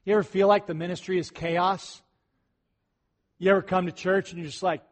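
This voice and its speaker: A middle-aged male pastor preaching a conversational sermon, often clearing his throat and rising into excited bursts. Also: sits high, moderate pace.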